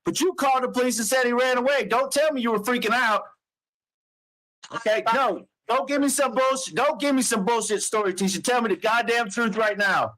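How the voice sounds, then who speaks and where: Angry dad on a phone call, high sharp voice, calling out lies and cussing. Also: male voice, brisk. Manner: angry, accusing, cursing. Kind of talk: heated phone argument.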